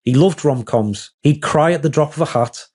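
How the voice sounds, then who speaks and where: A man's voice: on the high side, moderate pace, darkish tone. A man, a wedding photographer being interviewed, talking in a rambling, candid, self-deprecating way.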